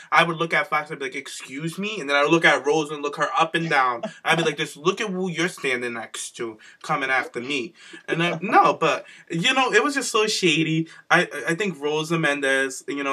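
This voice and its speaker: A man co-hosting a podcast, chatting casually about wrestling with sassy, profane commentary. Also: bright, forceful tone. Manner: sassy, swearing, acts out quotes with big pitch jumps. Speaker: podcast co-host.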